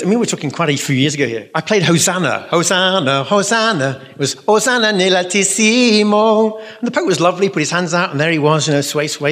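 A man's voice: on the high side, a bit bright. A man answering audience questions as a Catholic speaker and musician, telling stories in an earnest, rambling way with many asides. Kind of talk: storytelling talk with audience Q&A. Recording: reverberant hall.

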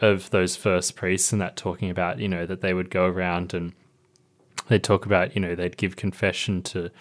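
A deep-voiced man thinks aloud in a relaxed conversation. He rambles thoughtfully and leans on fillers as he works out his point. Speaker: podcast co-host. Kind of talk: casual chat.

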